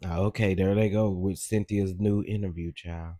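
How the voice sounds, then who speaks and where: A man's voice: sits low, fairly even intonation, normal speed, dark tone. A man hosting a casual livestream, gossiping animatedly and exclaiming straight to his viewers. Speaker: livestream host.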